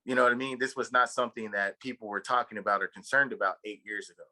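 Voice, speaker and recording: A man's voice: on the low side, fairly even intonation, fast, pushed and bright, low-quality recording. A man from Texas co-hosting a podcast, telling a long story in a rambling way, full of fillers and swearing. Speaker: podcast co-host. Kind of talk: casual chat.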